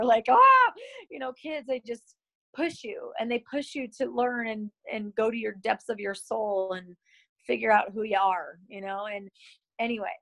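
Candid, emotional storytelling mom. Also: female voice, on the high side, fairly bright tone, rough recording. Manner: emotional and chatty, with many fillers. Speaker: mother sharing a personal faith story.

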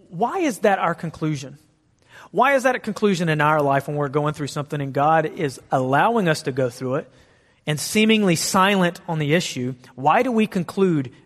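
A man preaching a sermon in a lively, conversational way, asking his listeners many questions. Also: a little high, normal speed, long reverb tail.

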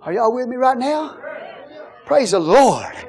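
A man preaching a fervent sermon, calling out to the congregation and shouting at the peaks. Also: very high voice, sing-song, unhurried. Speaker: pastor.

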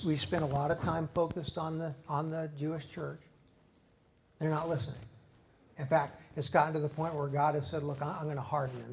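Male pastor, fiery sermon, gravelly edge, slightly high voice, faint hiss behind. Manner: impassioned preaching, swinging between loud outbursts and quiet earnest stretches.

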